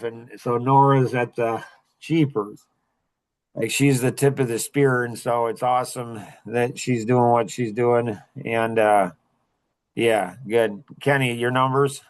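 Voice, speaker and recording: A middle-aged man hosting a podcast, telling a story in a casual, animated and heated way, with many restarts. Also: mid-range voice. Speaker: podcast host.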